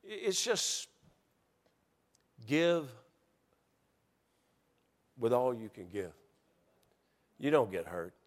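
A middle-aged man preaching a sermon as pastor, stumbling through restarts and building into excited storytelling. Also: medium pitch, drawn-out words, long pauses. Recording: long hall reverb.

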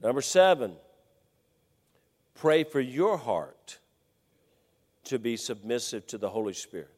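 A middle-aged man preaching a folksy sermon, swinging between loud exhortation and hushed storytelling. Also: mid-range voice, very animated, takes it slowly. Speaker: pastor. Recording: long hall reverb.

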